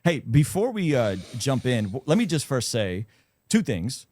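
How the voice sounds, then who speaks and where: A man interviewing a guest in a friendly, relaxed way, often affirming what he says. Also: mid-range voice, unhurried. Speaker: podcast interviewer. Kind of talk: casual interview chat.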